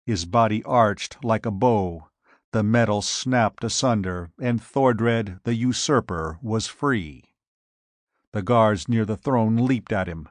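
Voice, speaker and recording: A male narrator reads a pulp adventure with a measured, dramatic delivery and an unhurried pace. His voice sits in a typical middle register. It is recorded dry and close. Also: on the low side, dry recording. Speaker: audiobook narrator. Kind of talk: scripted narration.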